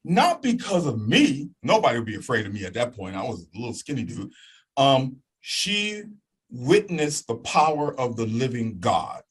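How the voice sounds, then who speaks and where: A man telling a personal story as a guest in an animated way. He acts out voices and sounds and keeps checking in with "okay?". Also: medium pitch, normal speed, husky, rough recording.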